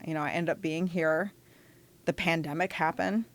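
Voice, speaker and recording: A woman, a podcast guest, candidly telling her life story in conversation with animated asides and restarts. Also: deep voice, moderate pace.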